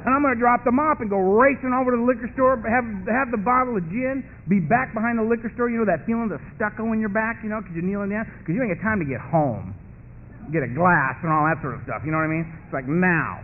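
A man's voice: sits high, fast. A man speaking at a recovery meeting, giving an earnest, colloquial personal testimony that drives its points home through repetition. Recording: tinny lo-fi phone-like recording with faint hiss.

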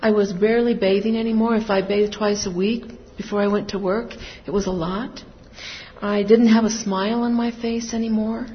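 A woman's voice: medium pitch, steady tone, normal speed. A middle-aged woman giving a candid, confessional personal testimony to a group, her emotion swinging as she tells it. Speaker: speaker sharing her recovery story. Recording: distant reverberant hall, dull sound, faint noise.

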